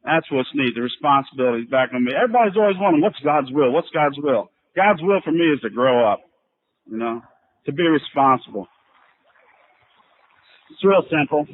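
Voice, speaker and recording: On an old 1989 tape with narrow, tinny audio, a middle-aged man gives a personal recovery talk at a convention. His voice is a little high and expressive, fairly quick yet broken by long pauses, and he speaks plainly, telling stories with casual fillers.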